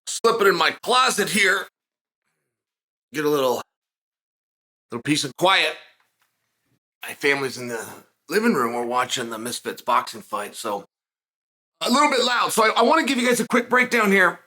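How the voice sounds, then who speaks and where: Energetic middle-aged man breaking down a fight. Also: fairly high pitch, moderate pace, long pauses. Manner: energetic, emphatic, repeats phrases. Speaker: podcast host and fight analyst. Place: closet at home.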